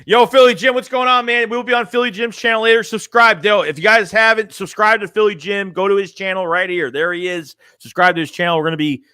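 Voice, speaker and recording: A man's voice: high voice, fairly even intonation, fast talker, few pauses, sharp tone, clean tone, no room sound, studio quality. A man casually chatting on a sports live stream, rambling and full of fillers.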